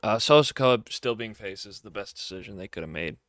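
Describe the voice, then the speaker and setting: Excitable young man, dry close mic. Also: lowish voice, fairly quick, dry recording. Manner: enthusiastic, repeats words for emphasis. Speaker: wrestling show reviewer. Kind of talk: casual solo review.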